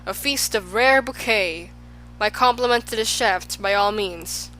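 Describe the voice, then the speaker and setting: A woman's voice: medium pitch, measured pace, bright, forceful tone, slight background noise, rough recording. A woman voicing a pompous, wordy male humbug bug in an audiobook, talking in flowery, fussy phrases. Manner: flowery, fussy, agrees with everyone. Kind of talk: audiobook character voice.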